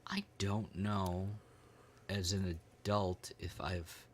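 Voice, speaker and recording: Deep-voiced man chatting loosely. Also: level tone, slow pace, a little hiss or hum. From United States. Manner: rambling, joking, trails off with ums. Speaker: podcast co-host. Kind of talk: casual chat.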